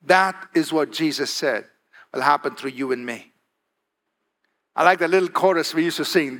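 Bright, high-voiced male preacher. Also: normal speed, long pauses. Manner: emphatic, calls for "Amen?" and varies pace for effect. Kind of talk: sermon.

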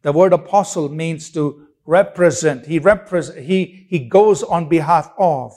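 A man preaches a sermon unhurriedly, his fairly high voice a little mellow yet emphatic. He repeats phrases for effect, fires off rhetorical questions, and sometimes restarts in the middle of a sentence.

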